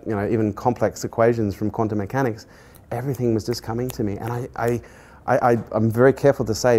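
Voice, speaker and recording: A middle-aged man, a podcast host earnestly telling a personal story in conversation and growing animated as he recounts it. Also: lowish voice. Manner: earnest, animated when retelling dialogue, laughs at himself.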